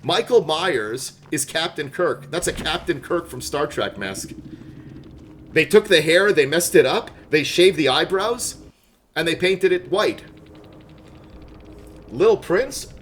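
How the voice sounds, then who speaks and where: A man's voice: fairly high pitch, expressive, slow, long pauses, a bit bright, a little hiss or hum. A young adult man from Montreal, live-streaming a game and chatting casually and jokingly with his chat. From Montreal, Canada. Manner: chatty, jokey, reads and answers chat.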